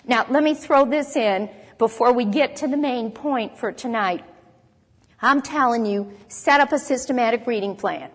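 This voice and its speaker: A woman with a fairly high voice teaches a Bible lesson, driving her points home by repeating them and reading scripture aloud. Her voice rings out with a long reverb, as in a large hall. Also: moderate pace, slightly rough.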